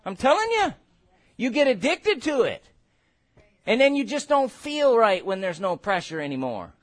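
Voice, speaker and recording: High-voiced emphatic male preacher. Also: very animated. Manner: emphatic, builds to shouted exhortations and quick asides. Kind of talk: sermon.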